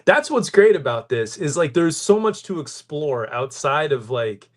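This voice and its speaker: A man co-hosting a casual podcast, excitable and quick to say "dude.". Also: fairly high pitch. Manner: excitable, says "dude" a lot. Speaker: podcast co-host. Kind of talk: casual chat.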